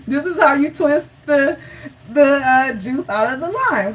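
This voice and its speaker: A woman's voice: high-pitched, animated, unhurried, far from the mic, rough recording. A woman hosting a live cooking show, chatty and encouraging, talking straight to her viewers.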